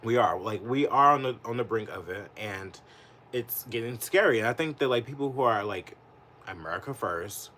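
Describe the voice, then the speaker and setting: A man's voice: mid-range voice, expressive, normal speed, pushed and bright, slight background noise. A man doing live political commentary, rambling, profane and full of "like", getting heated and indignant. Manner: profane, rambling, heavy use of "like". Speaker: political livestreamer.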